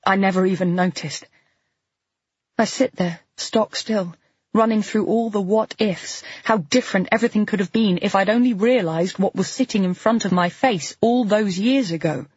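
A woman's voice: medium pitch, moderate pace, husky, dry recording, muffled recording. A woman reading a first-person audiobook in a tense, intimate telling. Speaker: audiobook narrator.

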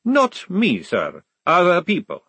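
A man voicing a calm, polite young male recruit who speaks patiently. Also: breathy edge, no room sound. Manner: patient, courteous, high and measured.

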